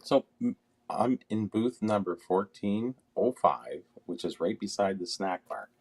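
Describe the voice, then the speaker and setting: A man in casual podcast chat, relaxed, mostly answering with short agreeing murmurs. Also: lowish voice, measured pace, husky.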